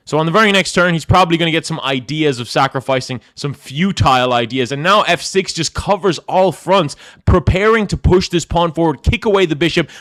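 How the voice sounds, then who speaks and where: A man's voice: medium pitch, fairly bright tone. A young man talking through his chess moves on a live stream in a loose, casual way. He jokes, brags in mock grandeur and pokes fun at himself. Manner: joking, mock-boastful, self-mocking.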